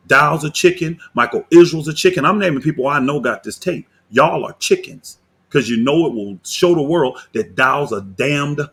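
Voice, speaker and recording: A man, a pastor, giving heated reaction commentary on a video, indignant and combative, often rising into loud outbursts. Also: medium pitch, breathy edge.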